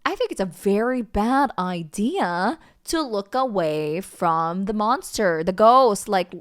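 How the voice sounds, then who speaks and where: A woman's voice: mid-range voice, expressive, slow pace. A woman streamer reacting live to scary videos, swearing and pleading with the screen. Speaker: VTuber streamer.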